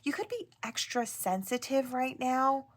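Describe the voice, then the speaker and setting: Gentle rambling woman reading tarot. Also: high-pitched, sing-song, measured pace. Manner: gentle, rambling, frequent "right?" and "I wanna say". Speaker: tarot reader. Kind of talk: channeled tarot reading to viewers.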